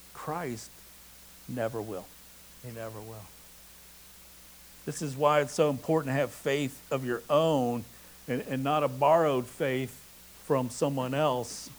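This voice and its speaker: A male pastor preaches in an earnest, emphatic voice that sits a little high. A faint hiss runs under his words. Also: rough recording. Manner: earnest, emphatic, with a touch of humor. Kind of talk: sermon.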